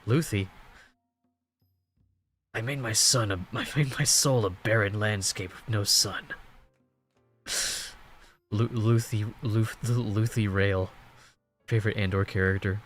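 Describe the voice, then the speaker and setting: A man's voice: fairly low pitch, fairly even intonation, measured pace, fairly bright tone, soft background music. A man hosting a reaction video, reading a comic aloud and making jokey asides. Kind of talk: casual reading and commentary.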